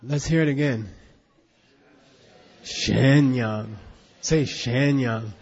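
A man's voice: mid-range voice, drawn-out words, darkish tone. A man teaching a Buddhist class in an emphatic, questioning way, drilling students in recitation, on a dull lo-fi recording.

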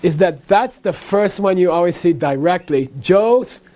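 High-voiced man teaching Buddhism. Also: animated, a little slow, mellow. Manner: conversational, frequent "okay?" and "you know". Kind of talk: teaching a class.

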